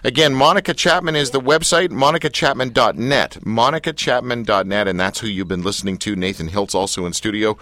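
A man hosting a radio show, chatting and joking with a studio guest in a teasing, quick manner. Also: mid-range voice, sharp tone, no echo. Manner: jokey, teasing, quick banter. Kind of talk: casual studio chat with a guest.

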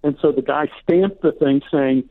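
A man's voice: on the high side, normal speed. Man in his sixties telling stories by phone. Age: 60s. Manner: warm storyteller, chatty. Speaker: guest, actor and author. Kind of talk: casual interview storytelling. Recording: tinny phone line.

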